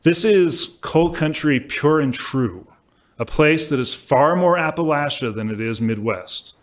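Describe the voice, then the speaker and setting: A male law professor giving a prepared symposium lecture, measured and emphatic, with occasional self-corrections, at a podium microphone. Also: fairly high pitch.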